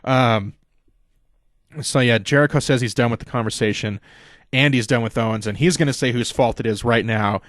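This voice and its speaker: Young male podcast host, mid-pitched, rambling and profane, dry close sound. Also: moderate pace, dry recording. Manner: rambling, profane, acts out quotes in a higher voice. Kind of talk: casual wrestling recap.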